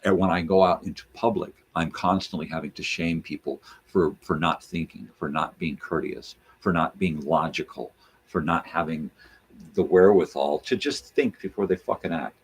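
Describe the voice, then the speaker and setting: Deep husky guy ranting, swears a lot, rambly casual host talk. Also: moderate pace. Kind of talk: casual monologue.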